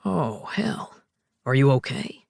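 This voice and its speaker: A woman putting on a gruff, fatherly older firefighter with a deep, low voice. He speaks plainly and with concern in an audiobook scene. The sound is dry and close to the mic. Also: very animated, takes it slowly, a little mellow, no room sound, exaggerated voice.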